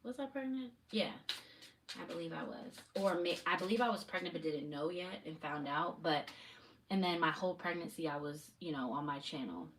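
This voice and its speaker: A woman's voice: low-pitched, moderate pace, a bit bright. A woman from the Maryland area giving a live tarot reading, rambling in a spiritual way and speaking straight to her viewers at home. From United States, Maryland area. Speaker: tarot reader. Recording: distant mic with faint noise.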